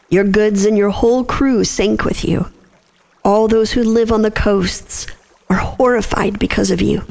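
Slow, gravelly-voiced woman reading scripture. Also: medium pitch, a little mellow. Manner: slow, measured, reverent delivery. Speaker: scripture reader and prayer leader. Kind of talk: scripture reading and spoken prayer.

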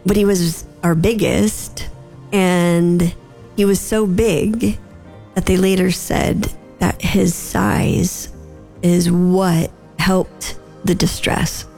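A woman's voice: lowish voice, fairly even intonation, drawn-out words, vocal fry, mellow, faint music behind. A woman recounting a personal story in conversation, emotional and holding back tears.

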